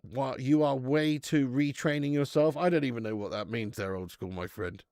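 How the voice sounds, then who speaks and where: A man's voice: medium pitch, moderate pace, no room sound, studio quality. A young man hosting a live football watch-along, cheering, swearing and chatting with his viewers. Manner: excitable, swearing, banter with chat. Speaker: fan channel host.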